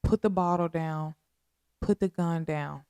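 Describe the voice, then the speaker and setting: A woman hosting a podcast, making a heartfelt spoken appeal in a slow, earnest, pleading way with a lot of repetition. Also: fairly low pitch, a little mellow, clean tone, dry recording, clean studio sound. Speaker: podcast host.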